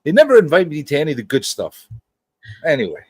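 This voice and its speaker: A man's voice: on the high side, huge pitch swings, fast talker, slightly rough, no echo. A man hosting a casual live-stream chat, joking and teasing his co-host and the chat. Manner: joking, teasing, jumps into silly voices. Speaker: podcast host.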